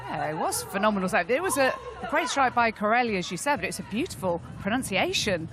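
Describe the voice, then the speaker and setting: A woman's voice: a little high, very animated, quick pace, hardly any pauses. A woman presenting a live sports broadcast in a chatty, teasing way, handing over to pundits. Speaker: studio presenter.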